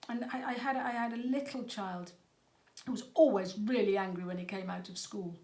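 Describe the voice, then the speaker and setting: A woman's voice: medium pitch, steady tone, moderate pace, dark tone. A middle-aged woman, talking to parents as a parenting coach in an earnest, conversational way that sometimes stumbles over words. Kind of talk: talk to parents. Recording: echoey room.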